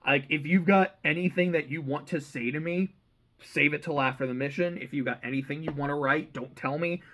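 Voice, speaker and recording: A man's voice: on the high side, fairly quick, a bit bright, natural voice. A man voicing a determined young male soldier who rallies his friends firmly. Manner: firm, rallying.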